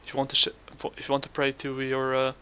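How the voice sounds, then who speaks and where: A man hosting a commentary channel, reacting scornfully to a clip, halting often with fillers. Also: mid-range voice, completely flat delivery, pushed and bright, clean tone.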